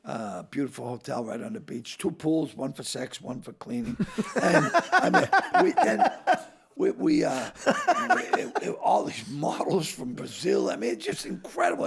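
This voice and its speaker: An older man, a comedian and actor guesting on a podcast, telling stories in a casual, animated way and acting out the voices he quotes. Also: medium pitch. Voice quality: gravelly, raspy. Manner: animated raconteur who acts out quoted voices. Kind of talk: casual storytelling chat.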